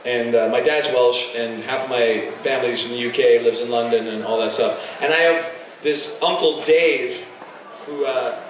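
A man speaking as a guest on a convention panel, effusive and animated, often restarting his sentences. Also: medium pitch, moderate pace. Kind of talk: casual panel talk. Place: large convention hall. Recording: echoey hall, far-off mic, crowd noise.

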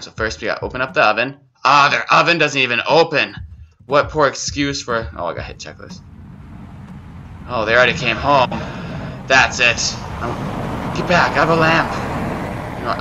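A man's voice: medium pitch, lively intonation, brisk, background noise. A young man giving goofy, rambling gameplay commentary and making self-mocking jokes as host of his own gaming channel. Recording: dull lo-fi mic.

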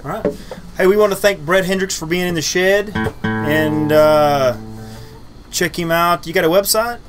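A laid-back male host with a slightly high voice jokes with his guest in a hot shed. Guitar music plays loudly behind him. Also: moderate pace. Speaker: show host. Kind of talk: casual interview chat.

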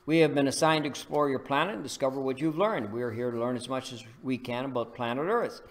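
A man voicing a group of friendly, curious alien visitors who ask excited, pleading questions. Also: medium pitch, fast talker, lightly acted.

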